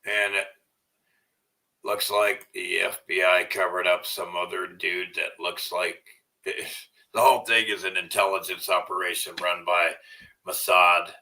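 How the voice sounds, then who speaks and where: A man's voice: low voice, flat delivery, a little slow, gravelly, far from the mic, poor audio. A man talking casually to camera in a profane, rambling way, repeating himself, and at times cooing to his dog. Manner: soft cooing baby talk to his dog. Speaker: vlogger.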